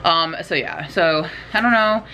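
Chatty low-voiced young woman vlogging. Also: measured pace, sharp tone, a little hiss or hum. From California. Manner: rambling, chatty, self-deprecating. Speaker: writing vlogger. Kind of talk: casual vlog chat. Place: bedroom at home, in doors.

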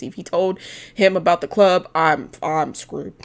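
A woman's voice: sits low, fairly even intonation, normal speed. A young woman in her twenties doing playful, sassy let's-play commentary, who swears freely and often drops into muttered asides. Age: 20s. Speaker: gaming video host.

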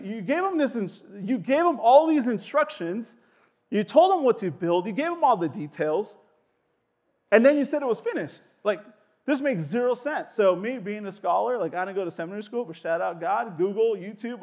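A young male pastor preaching a sermon in a casual, animated way, with lots of "like" fillers and quick asides. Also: extremely high pitch.

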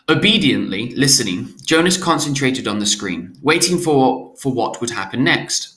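A man's voice: medium pitch, sharp tone. A man reading a novel aloud, stopping to restate hard words in simpler terms.

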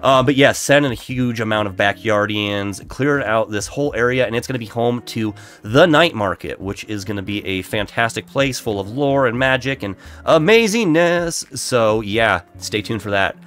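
A Minecraft streamer, nasal and congested from allergies, chats casually and self-deprecatingly with his viewers while he plays, with lo-fi music in the background. His medium-pitched, slightly bright voice has lively intonation and a moderate pace, with hardly any pauses.

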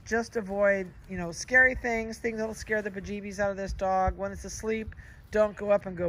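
A man who breeds dogs, giving folksy, chatty advice outdoors in a yard and pausing to comment on the puppies. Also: sits high, steady tone. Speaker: dog breeder. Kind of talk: casual outdoor advice talk. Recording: loud wind noise outdoors. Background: wind and puppies playing.

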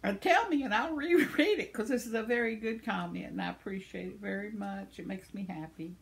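A woman's voice: medium pitch, a little fast, gravelly. A woman, chatting to camera about viewer comments, tender and close to tears. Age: 70s. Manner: tearful, tender, with soft laughs. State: teary, on the verge of crying. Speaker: vlogger reading viewer comments. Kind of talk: casual chat to camera.

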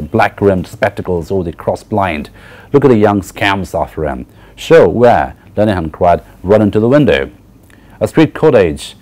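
A male university lecturer reading passages from a novel aloud and pausing to explain them to students. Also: low-pitched, darkish tone. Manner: reads passages with frequent fillers and restarts, then explains.

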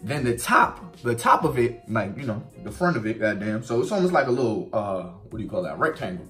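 A man casually telling a story to his viewers, animated and profane. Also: a little fast, faint music behind. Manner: animated, profane, swings pitch widely for emphasis.

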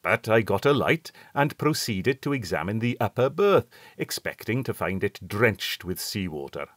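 A man reading a first-person horror story aloud, with measured, suspenseful storytelling. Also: fairly low pitch, big pitch swings, fairly bright tone, no room sound, studio quality. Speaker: audiobook narrator.

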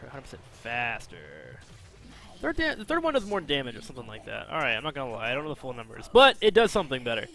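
A man giving casual, self-mocking commentary while playing a video game, chatty and jumping between excited outbursts and low mumbles. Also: fast, creaky.

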